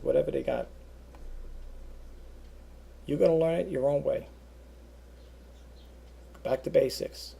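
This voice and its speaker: Man, slightly high voice with a gravelly edge, rambling earnest webcam vlog. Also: mellow. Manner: rambling, repeats himself, earnest. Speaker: eBay seller vlogger. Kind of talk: casual webcam monologue.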